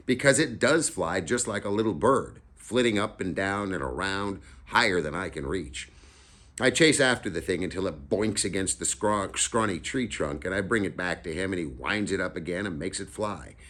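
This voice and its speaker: A man narrates a novel in the first person, keeping a relaxed, conversational storyteller's way about it. His voice sits very low. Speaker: audiobook reader.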